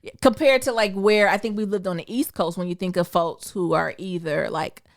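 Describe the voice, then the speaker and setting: A woman's voice: medium pitch, moderate pace. A woman from Detroit co-hosting a podcast, telling stories in casual, slangy chat and acting out quotes. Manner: animated storytelling, slangy, acts out quotes. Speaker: podcast co-host.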